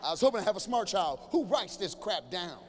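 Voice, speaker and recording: A man in his fifties doing stand-up comedy with crowd work, animated, often acting out other people's voices and bantering with the audience. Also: sits high, a little fast, in a large hall, slight background noise. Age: 50s. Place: large church hall before a live audience.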